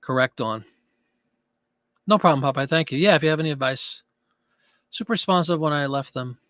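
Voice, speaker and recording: A man's voice: on the high side, fast, a bit bright, no echo, studio quality. Chatty man hosting a live stream. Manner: chatty, reads out viewer comments and answers them. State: out of breath. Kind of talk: casual live chat with viewers.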